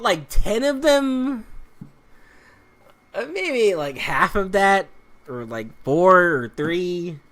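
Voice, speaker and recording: A man's voice: fairly high pitch, fairly bright tone. A man giving casual commentary while playing a video game, rambling loosely with restarts and muttered asides about what he is playing. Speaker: let's play commentator.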